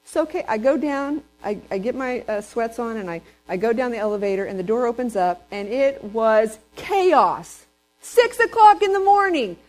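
A woman from Texas, preaching a sermon in a lively storytelling way and asking the congregation questions. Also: on the high side, normal speed, soft background music, low-quality recording. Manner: lively storyteller who acts out quotes and asks the congregation questions.

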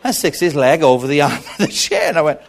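Animated middle-aged male preacher. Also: on the high side, fast talker, gravelly. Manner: animated storytelling with repetitions. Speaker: pastor. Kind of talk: sermon.

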